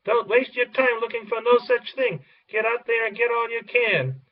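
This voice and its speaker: A man reading the part of a brash, greedy male pig who talks loudly and excitably. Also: extremely high pitch, normal speed, pitched above the performer's own voice. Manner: loud and excitable. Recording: distant, dull lo-fi recording.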